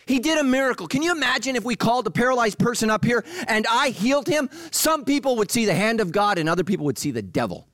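Man, middle-aged, pastor, sermon, fervent, loud to hushed, dry close sound. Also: extremely high pitch, very animated, no room sound. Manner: passionate preaching that swings from loud bursts to hushed, slow emphasis.

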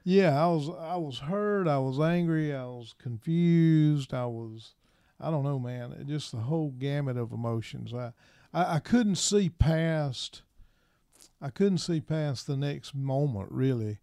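A middle-aged man and minister, telling his personal story in an interview in a soft, halting way, with many pauses and restarts. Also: on the high side, clean tone, no room sound, clean studio sound.

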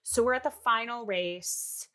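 Chatty woman recapping a movie. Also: on the high side. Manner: fast, animated, lots of "like".

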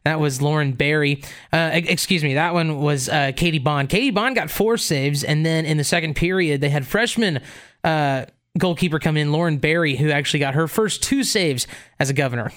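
Man host, clear smooth voice, a bit high, stat-heavy sports preview. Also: fairly quick, a bit bright. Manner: informative, reads off stats and schedules. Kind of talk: sports talk, previewing games.

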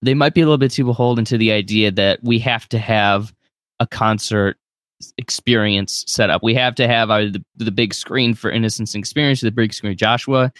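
A man's voice: on the low side, fairly even intonation, moderate pace, a bit bright, no echo, studio quality. A man co-hosting a fan podcast, rambling and joking in casual chat. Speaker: podcast co-host.

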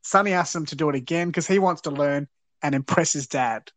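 A man's voice: on the high side, fairly quick, fairly bright tone. A man hosting a podcast, recounting an episode's plot with an earnest, wry manner. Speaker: podcast host. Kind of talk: casual episode recap.

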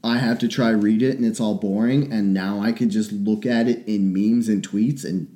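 A man in casual podcast chat, rambling and opinionated, swearing often as he thinks out loud. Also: fairly low pitch, steady tone, normal speed.

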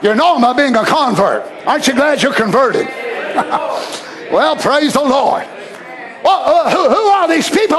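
A man preaching a sermon, swinging from shouted, drawn-out lines to low murmurs. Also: lively intonation.

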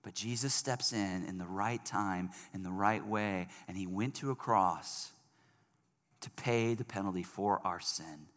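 A male pastor preaching a sermon in a church, animated and emphatic, swinging from loud emphasis to soft, earnest passages. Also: low voice, a little slow. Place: church service hall. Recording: long reverb of a large hall.

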